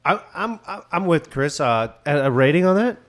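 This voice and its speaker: A man's voice: a little high, sing-song, moderate pace, a bit bright. A man hosting a casual beer review chat, joking and laughing often.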